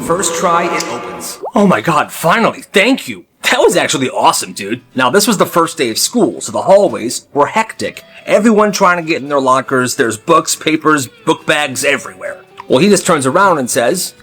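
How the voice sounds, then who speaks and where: A man narrating storytime videos in an animated, dramatic way, acting out each character as he goes. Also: fairly high pitch. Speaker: storyteller, short-video creator.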